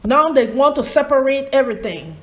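A woman's voice: high-pitched, expressive, fairly quick. A woman giving an informal Bible teaching, wandering into asides, spelling out names and asking rhetorical questions.

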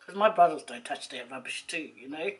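A woman, a vlogger telling a rambling personal story to camera, chatty and quick to laugh. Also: low-pitched, animated, faint music behind, poor audio.

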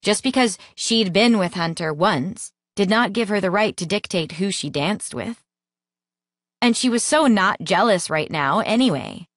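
A woman narrating an audiobook in a lively, expressive reading voice, close to the mic. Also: lowish voice, no room sound. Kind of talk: scripted narration.

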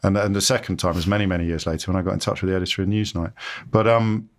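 A man's voice: deep voice, steady tone, rapid-fire. A man, interviewed in a casual chat, telling his career stories in a chatty, self-deprecating way, acting out the voices of people he quotes. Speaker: interviewee, radio presenter.

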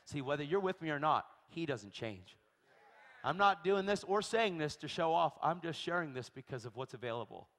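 A man from Pennsylvania preaching as a guest speaker, telling stories in an animated way that swings between loud bursts and hushed asides. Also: fairly high pitch, moderate pace. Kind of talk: storytelling sermon. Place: church sanctuary. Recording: long church reverb.

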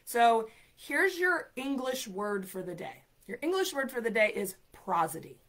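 A woman with a high, sing-song, fairly bright voice speaks a little slowly while giving exam tips on a live stream. She's an ESL program coordinator and show host, and her delivery is upbeat, chatty, emphatic, and full of fillers.

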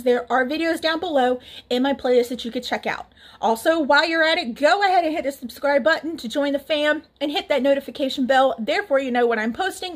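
A woman talking casually to camera as a makeup reviewer, chatty and laughing often, her cheek swollen. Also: sits high. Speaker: beauty reviewer.

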